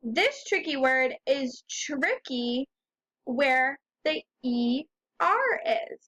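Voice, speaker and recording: A woman leads a reading lesson for young children in a high, bright voice. She speaks slowly and patiently, breaking words into single sounds and having the class repeat after her. Her tone stays encouraging throughout. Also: very animated. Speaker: teacher.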